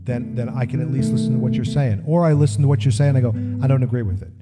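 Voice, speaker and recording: Emphatic man talking over loud guitar. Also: mid-range voice, steady tone, quick pace. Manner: emphatic, repeats himself while pressing a point. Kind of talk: casual political chat. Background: loud guitar music.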